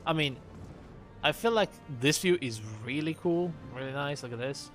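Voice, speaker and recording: A man casually chatting as he plays a game on a live stream, relaxed and full of little hedges and fillers. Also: fairly high pitch, normal speed. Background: game music.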